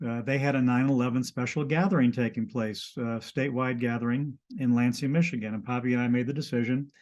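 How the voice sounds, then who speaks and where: Guest storyteller, man, mid-range pitch, halting and full of restarts. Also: steady tone, darkish tone, dull audio. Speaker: guest telling a personal story. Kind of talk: casual conversation.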